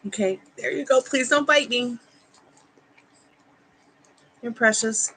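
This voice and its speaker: A woman's voice: on the high side, slow pace, bright, forceful tone, slight background noise, low-quality recording. A woman hosting a casual tarot livestream at home, reading out answers to viewers and cooing at her dogs on the couch. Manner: cooing baby talk to her dogs between chat replies.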